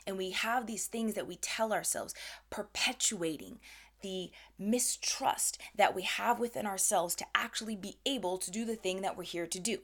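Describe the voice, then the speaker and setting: Woman, motivational vlog talk, earnest and rambling, average pitch, whispered asides. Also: moderate pace. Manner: repeats words, rambles then refocuses. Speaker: creative coach.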